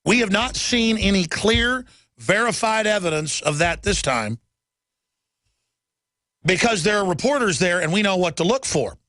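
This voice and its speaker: A man's voice: sits high, lively intonation, normal speed, pauses often, sharp tone, no room sound. A man hosting a talk radio show, ranting urgently and emphatically, firing off lists. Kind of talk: political rant monologue.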